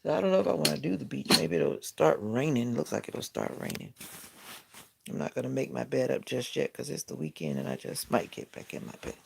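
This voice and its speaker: A content creator hosts a casual morning live stream from home beside a window with bird feeders, rambling chattily and often correcting himself mid-sentence. His medium-pitched voice is sing-song, fairly quick and gravelly, with a noisy background.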